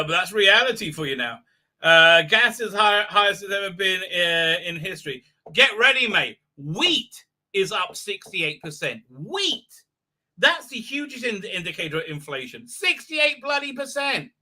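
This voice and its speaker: A man's voice: high-pitched, expressive, unhurried, bright, forceful tone. A middle-aged man hosting a casual livestream, rambling with many fillers and restarts. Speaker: livestream host.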